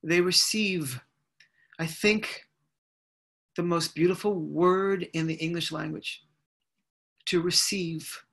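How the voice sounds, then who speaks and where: Slow, bright-toned inspirational speaker, man. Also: fairly high pitch, fairly even intonation, creaky. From United States (Brooklyn, New York). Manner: deliberate, repetitive, rhythmic phrasing. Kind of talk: inspirational speech. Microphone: video call.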